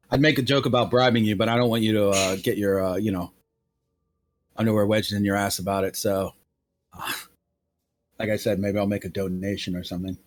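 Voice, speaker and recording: A man's voice: lowish voice, steady tone, brisk, long pauses, no room sound. A man playing a tabletop role-play game, talking in and out of character in a crude, rambling way full of laughs and fillers. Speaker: player.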